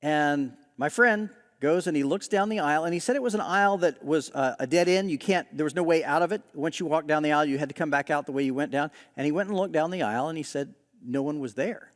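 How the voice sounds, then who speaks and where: A middle-aged male pastor preaching a sermon in a relaxed, conversational storytelling way, often pausing on "uh". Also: fairly high pitch, big-room sound. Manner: conversational storyteller with frequent "uh" pauses. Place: large church hall.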